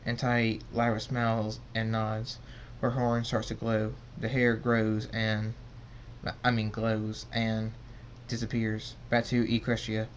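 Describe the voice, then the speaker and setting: A man reading a pony fan story aloud as narrator, halting and correcting himself as he goes. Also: lowish voice, monotone, a little hiss or hum. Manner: halting, stumbling and self-correcting.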